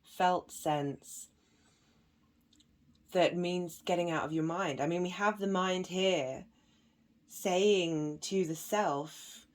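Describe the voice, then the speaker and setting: A woman reading tarot cards for an online audience in a gentle, meandering way. Her voice sits fairly low and she speaks slowly, with unhurried pauses. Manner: gentle and meandering, with many ums and soft laughs. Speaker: tarot and astrology reader. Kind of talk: slow, reflective spiritual reading to viewers.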